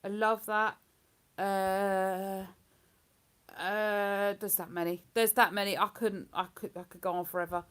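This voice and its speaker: A woman's voice: medium pitch, little pitch movement, unhurried, a bit bright, clean tone. A woman hosting a livestream in casual, rambling chat. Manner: rambling, chatty, breaks into hummed tunes. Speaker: livestream host.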